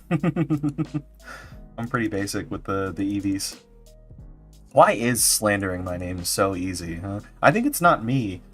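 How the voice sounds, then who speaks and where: A man's voice: lowish voice, lively intonation, slow, fairly bright tone, faint music behind. A man streaming as a vtuber, chatting casually and playfully with his viewers and laughing often. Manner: giggly, playful, reacting to chat. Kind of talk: casual livestream chat.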